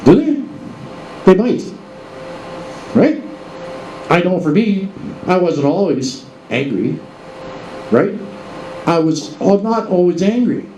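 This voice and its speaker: Man, show host, casual monologue full of rhetorical questions, dark tone, echoey room with faint ambience. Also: sits high, sing-song, takes it slowly, pauses often, slight background noise. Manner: rhetorical questions, addresses folks directly.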